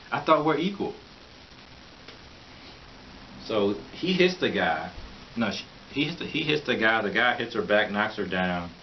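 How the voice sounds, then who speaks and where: A man's voice: lowish voice, very animated, moderate pace. A man giving a rambling, opinionated vlog monologue, mocking and laughing often as he talks. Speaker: vlogger. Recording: dull lo-fi recording with faint hiss.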